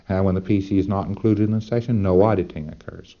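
A man's voice: deep voice, moderate pace, dark tone, dull audio. A man lecturing trainees in a folksy, emphatic way, with rhetorical asides to his listeners.

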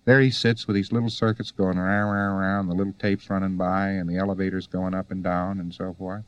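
A man's voice: deep voice, little pitch movement, fast talker. A man giving a conversational lecture to students, full of rhetorical questions and wry asides.

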